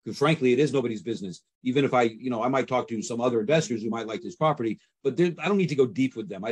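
A man's voice: mid-range voice, rapid-fire, few pauses, slightly rough. A man teaching how to handle real estate sales calls in a casual, conversational way, often acting out both sides of a call. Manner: conversational, acts out sales calls with repeated fillers. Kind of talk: instructional talk.

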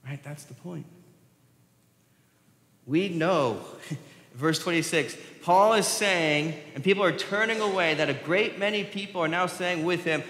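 A man preaching a sermon and telling a parable, swinging from loud emphatic bursts to quiet low lines. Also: measured pace. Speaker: pastor. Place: church sanctuary. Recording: roomy church hall reverb.

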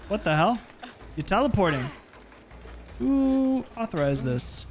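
Streamer, male: high, bouncy voice, unhurried delivery, noisy stream audio. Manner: animated, playful, yells at the game. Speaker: livestreamer. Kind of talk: live gameplay commentary.

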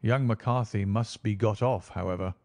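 A man voicing a calm, authoritative detective who speaks in a measured, reassuring way in an audiobook reading. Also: fairly low pitch, no echo, studio quality, close to an everyday voice.

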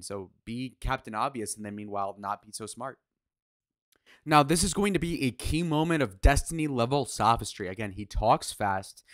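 A man's voice: mid-range voice, a bit bright, dry recording. Male reaction host: heated rants, sarcastic, crude, dry close mic. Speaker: reaction commentator. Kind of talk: reacting to podcast clips.

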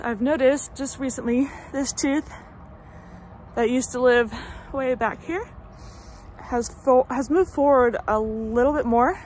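A woman's voice: high voice, slight background noise. A woman in her thirties chatting casually in a vlog update, rambling with lots of fillers and restarts. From United States. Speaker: vlogger. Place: home in summer, traffic passing outside.

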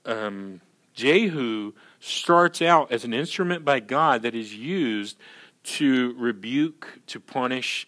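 A male pastor preaching at a mid pitch, chatty and animated and full of asides. He slips into little acted-out scenes and keeps checking in with the congregation. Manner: animated, acts out scenes in character voices; conversational, peppered with "you know" and "right". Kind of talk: sermon.

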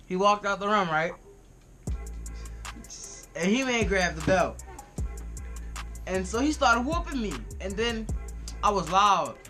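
Bright high-voiced young man telling a story. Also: slow, pauses often, faint music behind. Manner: laughing often, relaxed slangy retelling. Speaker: vlogger. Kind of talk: casual storytelling.

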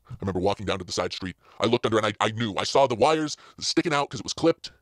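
A man's voice: lowish voice, lively intonation, racing, a bit bright, no echo, clean studio sound. A man hosting a casual solo podcast from inside a parked car, rambling along with plenty of fillers and restarts. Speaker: podcast host.

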